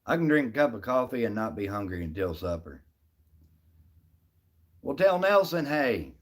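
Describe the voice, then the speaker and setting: A man's voice: medium pitch, sing-song, normal speed. A middle-aged man casually chatting on a live stream, answering viewers by name in a folksy, easygoing way. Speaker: livestream host reading chat.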